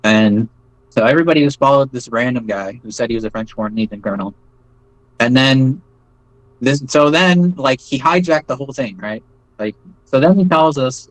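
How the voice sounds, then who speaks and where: A man telling his story as an interview guest in a loose, rambling way, full of fillers and quick "right?" checks. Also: mid-range voice, animated, dry recording, rough recording. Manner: rambling, many fillers and tag questions like "right?". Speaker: interview guest, former foreign volunteer fighter. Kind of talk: casual spoken storytelling.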